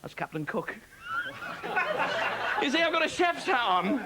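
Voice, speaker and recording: A man's voice: very high voice, very animated, measured pace, a crowd in the background. A man doing a comic magic act on stage, chatty and self-mocking, chuckling at his own jokes, on a hissy 1990s TV broadcast. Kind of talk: stand-up comedy act.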